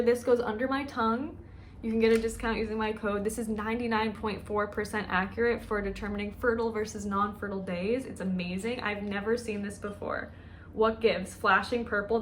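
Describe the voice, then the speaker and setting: A woman's voice: medium pitch, slight background noise. A woman who works as a dietitian, talking candidly and emotionally in a chatty personal vlog.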